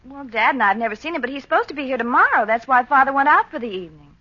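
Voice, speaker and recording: A woman's voice: high voice, animated, rapid-fire, sharp tone, lo-fi sound, heavily acted. An actress playing a sweet but impatient young girlfriend in a 1940s radio comedy. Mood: exasperated. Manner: scolding, exasperated.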